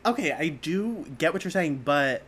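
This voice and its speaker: A man's voice: a little high, lively intonation, moderate pace, fairly bright tone, breathy edge. A man co-hosting a casual podcast chat, telling rambling stories full of fillers and laughter. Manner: rambling, laughing storyteller, heavy on filler words. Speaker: podcast co-host.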